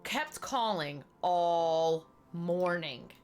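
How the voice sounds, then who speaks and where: A young woman chatting casually on a game stream, telling lively stories and acting out the people in them. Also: drawn-out words, faint music behind. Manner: chatty storyteller, acts out quoted people with big pitch jumps. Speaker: streamer chatting while playing.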